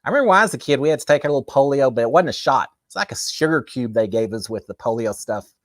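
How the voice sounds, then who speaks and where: A man's voice: mid-range voice, expressive, fast, no echo, clean studio sound. A man hosts a casual, chatty livestream. He talks with enthusiasm and plenty of fillers. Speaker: host.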